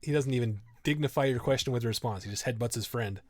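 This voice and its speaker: A man's voice: medium pitch, fast talker, no echo. A man narrating as game master of a tabletop game, casual and laughing often.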